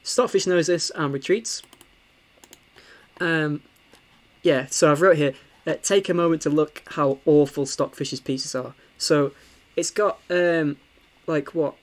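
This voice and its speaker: A young man, casually talking through a chess game for stream viewers, animated and full of ums and restarts. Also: a little high, slow pace. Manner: animated, with frequent fillers and restarts.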